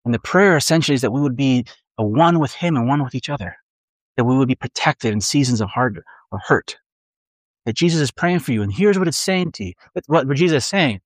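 A middle-aged man preaching a sermon in a conversational, animated way, acting out inner voices. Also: medium pitch, brisk, no echo, studio quality. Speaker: pastor.

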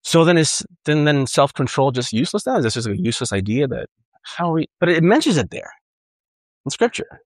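A man's voice: on the high side, sing-song, fairly quick, no room sound. A man preaching a sermon in an earnest, conversational way, often repeating and restarting phrases. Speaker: pastor.

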